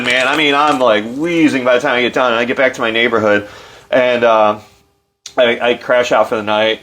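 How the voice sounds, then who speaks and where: A middle-aged man with an animated storytelling manner, loose and full of fillers, acting out quotes in a livelier voice. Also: medium pitch. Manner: loose, filler-heavy delivery. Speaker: interview guest. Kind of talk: casual storytelling.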